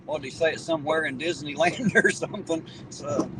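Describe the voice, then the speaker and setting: A man with an Appalachian accent livestreams from his vehicle at night, chatting casually and greeting viewers by name in a folksy, talkative way. His voice is fairly high and fairly quick, picked up by a distant mic with loud road noise.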